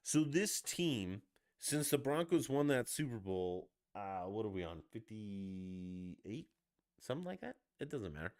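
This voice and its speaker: A man's voice: on the low side, sing-song, moderate pace, darkish tone, no room sound, studio quality. A man on a live stream, ranting heatedly with heavy profanity about his sports team. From Denver.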